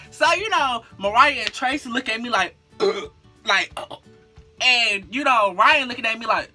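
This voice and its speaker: A vlogger telling a story casually in an animated, slangy, profane way, full of fillers and asides to the viewer. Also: mid-range voice, moderate pace, soft background music.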